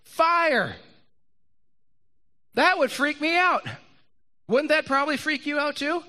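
A man preaching a sermon to a room and an online audience, animated, acting out Bible characters and repeating lines for emphasis. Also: very high-pitched, normal speed. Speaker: pastor. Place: church hall with live audience and online stream.

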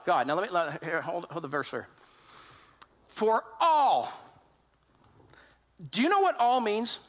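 Lively high-voiced preacher man. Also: fast talker. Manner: animated storytelling, asks the congregation questions; acts out quoted voices in his retelling. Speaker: pastor. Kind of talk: sermon.

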